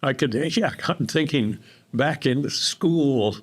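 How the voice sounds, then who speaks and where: A man hosting a podcast interview, asking his questions in a halting way with many restarts. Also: medium pitch. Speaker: podcast host.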